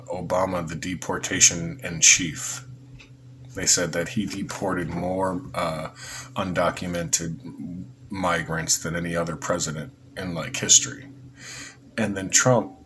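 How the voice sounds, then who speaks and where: Man, very deep voice, casual rambling vlog monologue, frequent restarts, faint background noise. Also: a bit bright. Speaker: vlogger.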